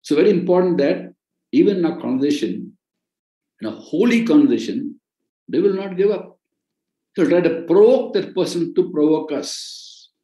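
A man's voice: fairly high pitch, expressive, normal speed, dark tone, echoey room, rough recording. A man with an Indian accent preaching in an earnest way, repeating key phrases for emphasis. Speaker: ministry president and preacher. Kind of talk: sermon-style teaching on a podcast.

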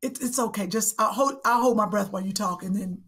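A woman co-hosting a comedy podcast, loud and playful, bursting into shouts. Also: medium pitch, fast, slightly rough. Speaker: podcast co-host. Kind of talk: casual comedic chat.

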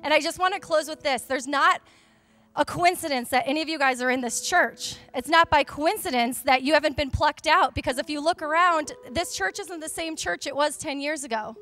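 A woman's voice: high voice, a little fast, bright, forceful tone. A young woman, a pastor's wife, gives a fervent, chatty testimony to a church congregation on a handheld microphone. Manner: fervent, emphatic, chatty storytelling. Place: church sanctuary during a service.

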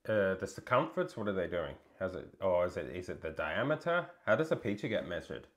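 Woman, very low voice, laid-back streaming co-host who rambles and reads chat aloud. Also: sing-song, brisk. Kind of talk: casual chat.

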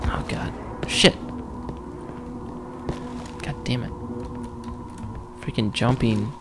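A young man talks through a horror game at a slow, unhurried pace, jumpy, joking and cursing under his breath. A steady background noise hums under the home recording. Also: medium pitch. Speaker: let's play gamer.

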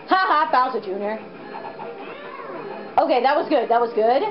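A young woman giving excitable let's play commentary, with frequent exclamations. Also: high-pitched, moderate pace, pauses often, lo-fi sound, music in the background. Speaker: gamer.

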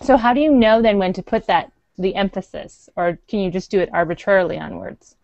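A woman's voice: mid-range voice, a little fast, a little mellow, no echo, muffled recording. A woman learning a language who asks curious questions and laughs easily. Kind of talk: casual lesson chat.

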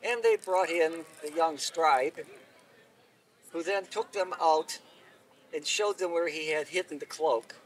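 A man telling a folk tale aloud at an outdoor event, unhurried and expressive, recorded from a distance. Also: a little high. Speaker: storyteller. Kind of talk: oral storytelling.

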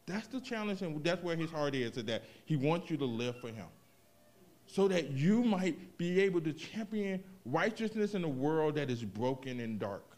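A man preaching a sermon, moving from hushed reflection to loud, animated emphasis, with casual asides to the congregation. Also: fairly high pitch. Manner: expressive preaching, swings from quiet to loud, vernacular asides. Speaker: pastor.

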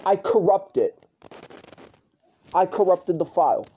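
A man with a noticeably high-pitched voice, talking straight into the camera in a vlog rant. He circles back over the same complaints again and again, swearing freely as he goes. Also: expressive, unhurried, mellow, highs cut off, slight background noise. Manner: repetitive, swearing, ranting address to YouTube. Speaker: channel owner.

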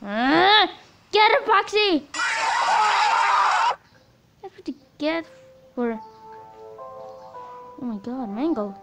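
Woman, reaction commentary, slow unhurried delivery, bouncy pitch, excitable. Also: low-quality recording. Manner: excitable, gasping exclamations. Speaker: video reactor. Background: loud music from the watched video.

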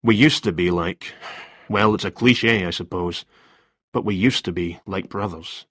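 A man's voice: low-pitched, normal speed, fairly bright tone, breathy edge, dry recording. A man voicing a nervous male freelance writer in a story reading, talking in a hesitant, defensive way.

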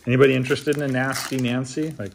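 A man in his thirties talks casually at a middling pitch, reading names aloud. He tosses off dry, mumbled asides under his breath. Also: flat delivery, fast, vocal fry, background noise. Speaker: card opener. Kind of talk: casual card-opening vlog.

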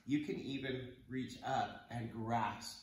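A man's voice: mid-range voice, steady tone, takes it slowly, reverberant, a little hiss or hum. A man leading a kids yoga class at home, encouraging and playful as he counts the breaths. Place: home room.

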